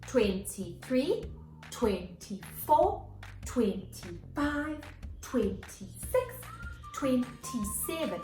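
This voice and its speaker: Animated high-voiced woman teacher. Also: drawn-out words, reverberant, soft background music. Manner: animated, gasps and exclaims for young children. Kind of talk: children's morning lesson.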